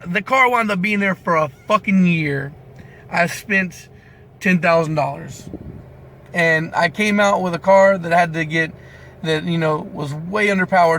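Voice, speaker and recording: A man's voice: on the high side, moderate pace, a bit bright, slight background noise. A young man telling a heated story about his work as a mechanic, swearing constantly and restarting his sentences as he goes. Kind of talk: ranting vlog story.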